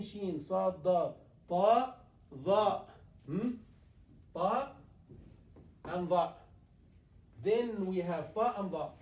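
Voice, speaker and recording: A male imam with a high yet mellow voice teaches Quran recitation in a tajweed lesson in a mosque classroom. He speaks haltingly with many fillers, repeating and reciting examples, and the recording is echoey with the mic far away, so he sounds distant.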